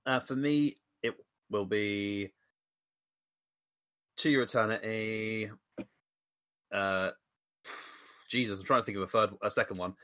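A man chatting on a podcast, animated, teasing and swearing freely. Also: lowish voice, unhurried, long pauses. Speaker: podcast regular. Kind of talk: casual chat.

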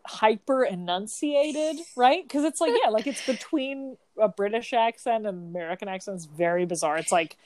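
A woman co-hosting a casual chat, animated and profane, laughing often as she talks. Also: medium pitch, normal speed, hardly any pauses, dry recording. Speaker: podcast co-host.

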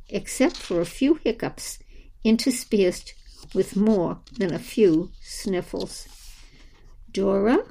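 A woman reads a children's story aloud with a gentle, unhurried delivery. Her voice is mellow and soft at the edges, pitched in an ordinary middle range. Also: rough recording. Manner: slow, gentle storybook reading. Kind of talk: scripted narration of a children's story.

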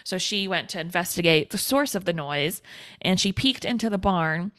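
A woman's voice: lowish voice, lively intonation, normal speed, fairly bright tone, no room sound. A woman co-hosting a podcast, chatting casually as she retells a film scene by scene with lots of "like" and quoted lines. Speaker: podcast co-host. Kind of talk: casual movie recap chat.

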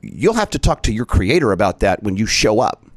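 A man's voice: lowish voice, big pitch swings, brisk. A man hosting an opinion podcast, talking straight to his listeners in an emphatic, indignant way. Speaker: podcast host. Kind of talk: opinion commentary.

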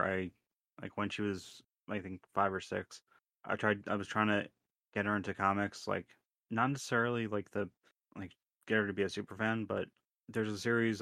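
A man with a low voice chats on a podcast. He gropes for words and restarts often. His voice sounds dry and close, with no room around it. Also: a bit bright, no echo. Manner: halting, many restarts and "like" fillers. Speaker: podcast co-host. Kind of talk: casual podcast chat.

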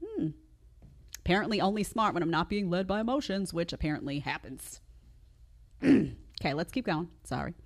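A woman hosting her own commentary show, reacting emphatically to old clips with loud bursts and quiet asides. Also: fairly low pitch, normal speed, pauses often. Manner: animated, emphatic, jumps between loud outbursts and quiet asides. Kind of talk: opinionated commentary.

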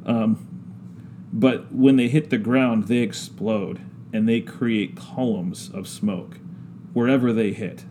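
Man, casual storyteller, low mellow voice, halting pace, faint hiss. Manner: slow, drawn-out, halting with many ums. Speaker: podcast guest discussing scripture.

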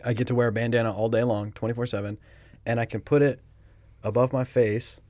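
Dry-voiced young audiobook narrator chatting. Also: male voice, mid-range voice, steady tone, fairly quick, darkish tone, no echo. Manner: self-deprecating, storytelling, profane. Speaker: audiobook narrator, podcast co-host. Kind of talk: casual chat.

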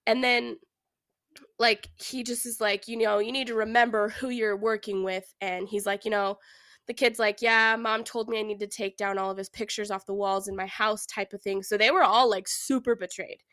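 A woman's voice: medium pitch, fairly even intonation, moderate pace, a bit bright, no room sound. A woman co-hosting a true crime podcast, telling the story in a casual, chatty way with lots of fillers. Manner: chatty, many "like"s and "I don't know"s. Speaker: podcast co-host.

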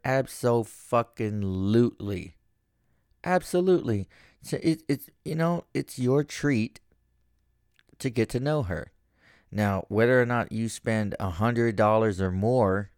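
A man's voice: on the low side, a little mellow, clean tone, no echo, clean studio sound. A man hosting a podcast in casual chat, rambling and swearing freely. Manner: profane, rambling. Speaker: podcast host.

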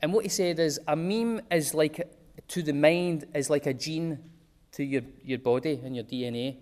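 A man's voice: a little high, moderate pace, darkish tone. Chatty man giving a talk. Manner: chatty and digressive, with homely examples. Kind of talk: informal talk to a small group.

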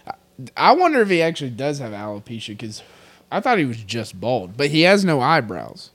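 A man's voice: medium pitch, huge pitch swings, a little fast, a bit bright, no room sound. A man co-hosting a podcast in casual chat, loose and joking, swearing freely and laughing often. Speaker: podcast co-host.

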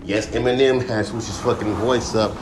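A man's voice: fairly low pitch, fairly even intonation, moderate pace, noisy background. A young man and rapper hosting a podcast, ranting bluntly with constant swearing and mocking his critics. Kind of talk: profane casual rant. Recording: echoey room with faint music.

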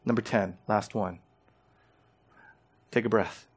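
A man's voice: fairly low pitch, steady tone, slow pace, slightly rough. A man preaching a sermon as pastor. He presses his points with direct questions and rising emphasis, and often repeats words as he starts a phrase.

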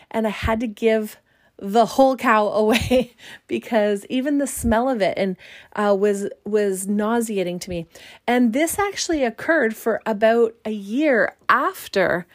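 A woman in her thirties hosts a casual solo podcast. She sounds upbeat and chatty, and her voice sits a little high for a woman. She uses easy fillers and slips in light laughs as she goes. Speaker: podcast host and doctor.

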